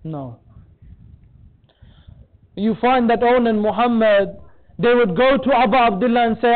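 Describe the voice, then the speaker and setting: A man's voice: very high-pitched, unhurried, pauses often. A man giving a mourning sermon, narrating a tragic story and rising into a wailing, tearful chant. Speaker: majlis speaker. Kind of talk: mourning sermon with lamenting recitation. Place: community centre hall. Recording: tinny phone-like sound.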